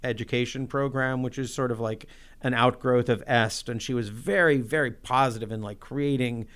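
A man casually telling a personal story about being a musician, in an excitable, self-deprecating way with lots of "like". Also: medium pitch, normal speed, clean tone.

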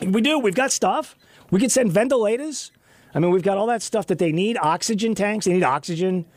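A man hosting a talk radio show, chatting loosely with a co-host, animated and rambling with frequent restarts. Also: sits high, fairly quick, no echo. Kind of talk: casual talk radio chat. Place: radio studio. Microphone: studio microphone.

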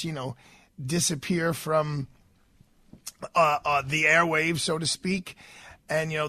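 A man's voice: fairly high pitch, bright, forceful tone, no room sound. A man with a New York accent hosting a talk radio show, speaking earnestly in a rambling monologue full of restarts, from a studio.

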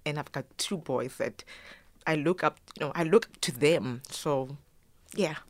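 Low-voiced woman telling her story. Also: a little slow, no echo. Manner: animated, acts out quoted voices, mixes in Zulu phrases. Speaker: guest, choreographer and yoga teacher. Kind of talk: emotional personal storytelling.

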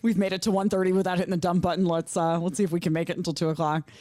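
A woman co-hosting a talk radio show, chatting casually with an amused, teasing lilt. Her voice sits a little low, and the studio sound is dry and close. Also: flat delivery, racing, mellow, dry recording.

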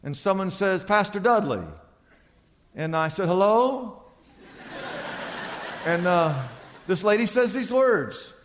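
A man preaching a sermon as pastor, telling stories and dropping from loud to hushed. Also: sits high, expressive, slow pace, pauses often, noisy background. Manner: storytelling, swings from loud to hushed. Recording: long hall reverb.

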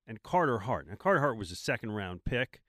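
A man's voice: lowish voice, big pitch swings, a little fast, fairly bright tone, dry recording, studio quality. A man co-hosting a sports talk show, posing questions in casual chat with a wry manner and frequent restarts. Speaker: sports radio co-host.

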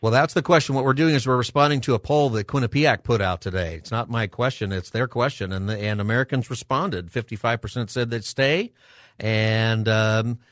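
A man hosting a call-in radio show, thinking aloud and halting with ums and restarts. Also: medium pitch, fairly bright tone, no room sound, studio quality.

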